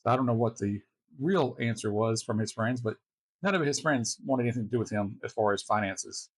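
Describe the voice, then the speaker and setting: Man telling stories in halting speech. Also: medium pitch, husky, dry recording. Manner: halting, restarts often, chuckles wryly. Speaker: host reacting to a video. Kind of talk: casual personal storytelling.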